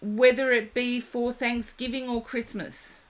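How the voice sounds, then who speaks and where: A woman reading tarot live for viewers, chatty and reassuring, talking to them by name, her voice going a little hoarse. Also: a little high, level tone, measured pace. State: losing her voice. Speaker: tarot reader.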